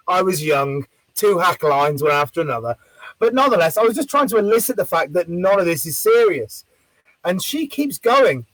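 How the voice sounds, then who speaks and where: Animated man telling a street-show story. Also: high voice, moderate pace, dry recording, poor audio. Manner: animated, acts out quoted voices loudly; swears freely. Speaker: street performer. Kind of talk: storytelling in casual chat.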